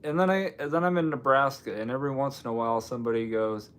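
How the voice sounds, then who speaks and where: A man's voice: mid-range voice, quick pace, fairly bright tone, a little hiss or hum. A man from Washington State hosting a casual live stream, rambling and joking while answering viewer comments. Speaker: livestream host.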